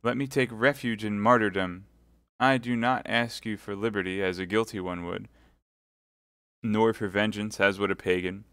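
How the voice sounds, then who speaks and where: A man's voice: fairly low pitch, moderate pace, pushed and bright, no echo, clean studio sound. A man voicing a scheming captive noblewoman who pleads and seduces in a theatrical way. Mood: imploring.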